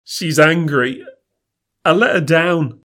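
A man voicing a frightened, guilt-ridden young man who pleads in a high, panicky voice. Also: slow, lightly acted. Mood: tearful.

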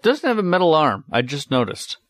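Halting male podcast co-host. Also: a little high, huge pitch swings, no echo, studio quality. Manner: halting, filler-heavy. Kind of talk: casual review chat.

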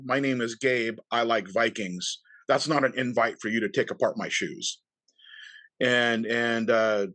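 A man's voice: medium pitch, fairly bright tone, dry recording. A man in his fifties chats as a podcast guest and keeps tripping over his words, repeating them before he gets going. The sound is close and dry, with no room around it. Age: 50s. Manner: stammering, repeats words, laughs often. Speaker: reenactment group leader, podcast guest. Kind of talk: casual interview chat.

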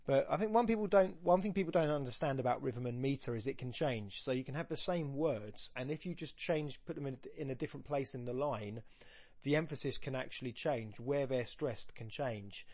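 A man teaching and hosting a podcast, thinking aloud about a poem in an everyday mid-range voice. He keeps interrupting himself and reads the quoted verse slowly. The recording is dry, with almost no room sound. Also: medium pitch, darkish tone, no room sound. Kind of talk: thinking-aloud poetry analysis.

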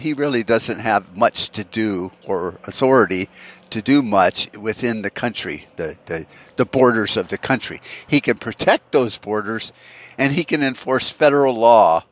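A man's voice: lowish voice, animated, measured pace. A man hosting a solo podcast rant, profane and rambling, full of fillers and restarts. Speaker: podcast host.

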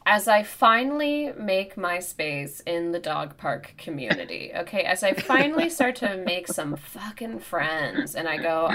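A woman in her thirties co-hosting a podcast, telling a comic story in an animated, profane way. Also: fairly low pitch, a little slow, few pauses. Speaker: podcast co-host. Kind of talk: casual storytelling chat.

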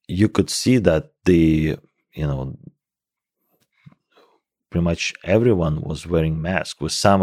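A man's voice: rumbling low, a little mellow, no room sound, studio quality. A man in his forties from Russia with a thick Russian accent, a scientist talking in an interview with many fillers and restarts. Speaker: guest scientist. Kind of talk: casual interview conversation.

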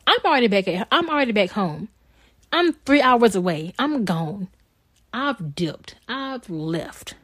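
A woman co-hosting a podcast, telling a story in an animated, exasperated way. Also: mid-range voice, unhurried, no room sound. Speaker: podcast co-host. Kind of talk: casual storytelling chat.

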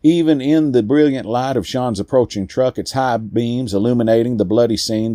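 A man narrating a first-person story in a slow, deliberate way with weighty pauses. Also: medium pitch, dark tone, no echo, studio quality.

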